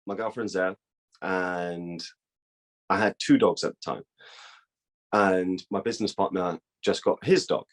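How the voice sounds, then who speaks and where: A young man tells a long tale in loose, swearing chat. His voice sits a little low, and he slips into the voices of the people he quotes. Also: measured pace, pauses often. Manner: profane, animated, acts out quoted dialogue. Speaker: guest. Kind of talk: casual storytelling.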